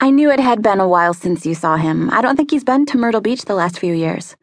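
A woman voicing a chatty, teasing young woman on a phone call, lively and prying in her questions. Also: medium pitch, quick pace, no room sound, clean studio sound, lightly acted. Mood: light, curious.

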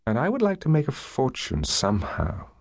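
A man voicing a bright, earnest twenty-five-year-old woman who loves studying, speaking in a raised, lively voice. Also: medium pitch, normal speed, gravelly, voice pushed up, heavily acted. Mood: eager. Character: bright young woman of 25, eager student.

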